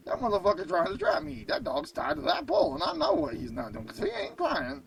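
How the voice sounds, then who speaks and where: A man hosting a radio show, telling a comic story in an excitable, profane way. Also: very high voice, fairly quick, gravelly, hardly any pauses, crowd noise, low-quality recording.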